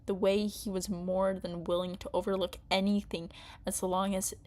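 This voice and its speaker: A woman's voice: medium pitch, flat delivery, moderate pace, a little mellow, lightly acted. A woman reading a bitter, guarded young man. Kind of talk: reading a story game aloud.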